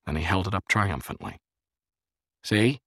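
A man narrating an audiobook in a very deep voice with lively, rolling intonation. His reading is measured and expressive, recorded dry and close to the mic. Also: no room sound.

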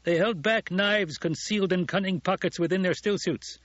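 Guy putting on an earnest warrior lieutenant, higher voice, husky, dull audio. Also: normal speed, fairly bright tone, no echo. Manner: earnest, reporting. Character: male desert warrior lieutenant, dutiful and contrite.

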